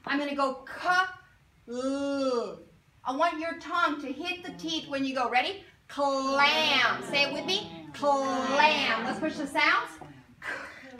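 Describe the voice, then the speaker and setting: A woman teaches a phonics lesson to a class, stretching out each sound and prompting the children with questions. Her voice is high and bright. It is recorded from a distance in a roomy classroom with faint background noise. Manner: drawn-out sounding of letters, coaxing questions.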